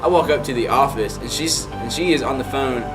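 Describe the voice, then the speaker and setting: A late-teen young man rambles through a casual personal anecdote, stuffing his speech with "like." His medium-pitched voice is brisk. Music plays behind him on a rough recording.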